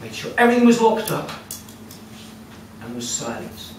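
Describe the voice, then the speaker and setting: Lively male storyteller in an echoey room. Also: sits high, normal speed, recorded from a distance. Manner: lively, conversational, with asides to the audience. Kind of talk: live folk-tale telling. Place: storytelling cafe. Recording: echoey room heard from afar with noise.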